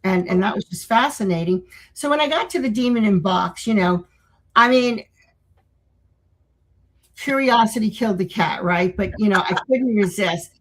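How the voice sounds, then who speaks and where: An older woman with a husky, breathy voice, talking as a guest in a casual interview. She rambles through her stories, restarting sentences and acting out what she said back then. Her pitch sits at an ordinary middle level. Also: moderate pace, low-quality recording. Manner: rambling, with many restarts and acted-out quotes.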